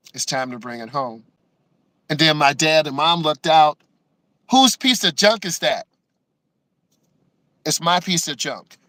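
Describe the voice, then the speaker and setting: A man's voice: fairly high pitch, sharp tone, clean tone, no room sound, low-quality recording. A man, a driving instructor, telling personal stories in an emotional way and tagging many lines with "right?". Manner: emotional, acts out quotes with many "right?" asides. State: emotional, close to tears. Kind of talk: personal storytelling to the camera.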